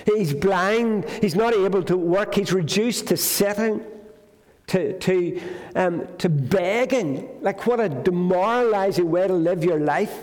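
A man's voice: sits high, unhurried, darkish tone. A male preacher giving a conversational sermon, retelling a gospel story and putting questions to the congregation. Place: church. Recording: long hall reverb.

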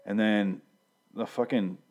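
Low-voiced man rambling through a recap. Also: steady tone, slow pace, darkish tone. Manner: rambling, profane, with dry jokes and restarts. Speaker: show reviewer. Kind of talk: casual recap of a TV episode.

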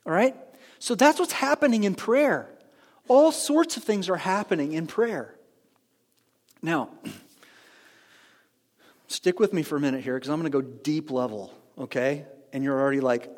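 A man preaching a sermon as pastor, animated, with frequent restarts and asides to the congregation. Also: on the high side, long reverb tail.

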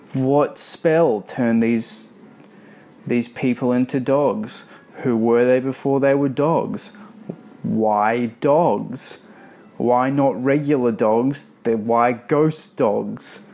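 A man's voice: mid-range voice, extremely slow, darkish tone. A man giving a rambling, sarcastic spoken review of a children's horror book.

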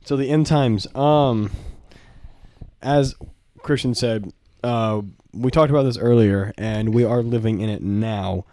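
Brief: young male podcast co-host, laid-back and loose, mid-pitched plain voice. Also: fairly even intonation, takes it slowly, dark tone, no echo. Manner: laid-back, rambling with fillers. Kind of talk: casual podcast chat.

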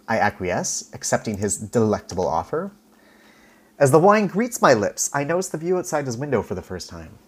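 A man from Canada reading his own first-person story in an expressive, wry way, with dramatic pauses. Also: mid-range voice, husky.

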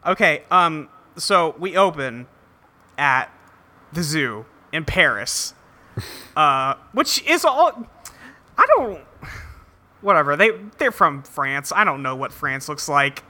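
Bright high-voiced man rambling. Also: big pitch swings, slow, pauses often. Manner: rambling, laughing, trails off mid-sentence. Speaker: podcast co-host recapping a cartoon episode. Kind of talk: casual chat.

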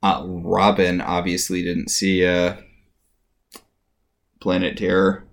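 A man's voice: low-pitched, completely flat delivery, takes it slowly. A man co-hosting a casual TV recap podcast, delivering dry, sardonic commentary. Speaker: podcast co-host.

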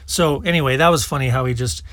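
A man's voice: mid-range voice, fast, a bit bright, no room sound. A man hosting a political commentary show, talking casually and scornfully between played clips. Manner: scornful, mocking.

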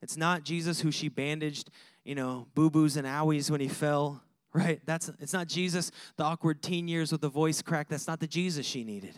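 A male pastor delivering a lively sermon that moves from chatty asides and laughter to punchy, repeated lists. His voice sits high for a man, and the sound is dry and close, with almost no room echo. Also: normal speed. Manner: animated, conversational preaching with laughs and repeated lists.

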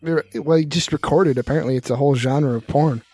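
A man's voice: on the high side, a little fast, dark tone, husky. A man co-hosting a podcast, chatting playfully and laughing easily. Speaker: podcast co-host. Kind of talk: casual comedic banter.

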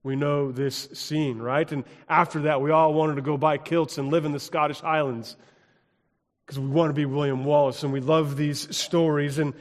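Male pastor from the US, fairly high voice, sermon in a church with long echo, emphatic delivery. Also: little pitch movement, moderate pace. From United States. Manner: emphatic, building to loud exclamations. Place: church sanctuary. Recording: long reverb of a church hall.

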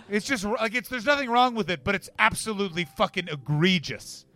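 A brash man with a high, bright, forceful voice, riffing and swearing through live Q&A banter. His stays plain throughout. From Canada. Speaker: comedian, guest.

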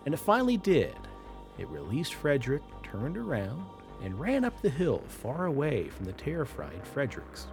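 A man hosts a paranormal podcast and tells a creature story with lively storytelling and casual asides. His voice sits in a mid pitch and swings up and down with the tale, and faint music plays beneath him. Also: moderate pace. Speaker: podcast host.

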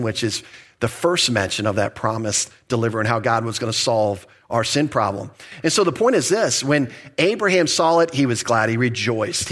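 A man's voice: mid-range voice, fairly bright tone. A man, a pastor, teaching through a Bible passage in a conversational, emphatic preaching style with light laughs. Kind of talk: expository sermon.

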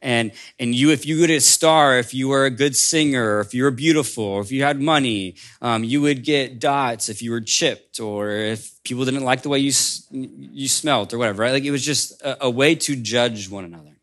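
A man preaching a sermon as a pastor, in a conversational storytelling way that drops soft for emphasis. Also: mid-range voice, moderate pace, few pauses.

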